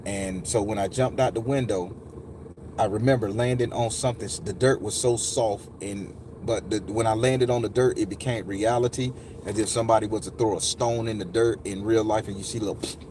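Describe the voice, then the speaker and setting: A man's voice: lowish voice, steady tone, fairly quick, background noise. A man telling a personal story to his viewers, candid and profane, addressing them directly. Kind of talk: emotional first-person storytelling.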